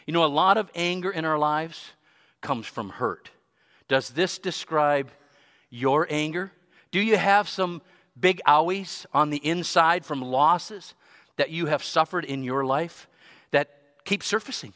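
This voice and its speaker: A man's voice: a little high, measured pace, bright, forceful tone, big-room sound. A man preaching a sermon as pastor, earnest and teaching, reading scripture aloud in church.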